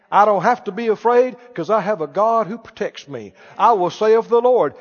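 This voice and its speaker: High-voiced emphatic preacher man. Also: lively intonation, moderate pace, long reverb tail, muffled recording. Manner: emphatic, repeats and quotes imagined speakers. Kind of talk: sermon.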